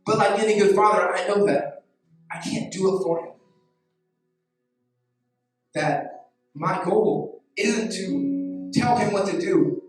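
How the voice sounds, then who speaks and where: A man's voice: high-pitched, slow, long pauses. A man in his thirties, a pastor giving a casual, story-driven sermon full of "like". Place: church hall. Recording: echoey hall, mic at a distance, faint music.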